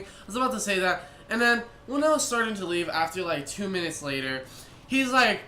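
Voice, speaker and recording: This young vlogger speaks fairly quickly in a high, bright voice with lively intonation, telling a long, rambling story and often restarting or circling back. The room echoes, and a faint hiss sits underneath.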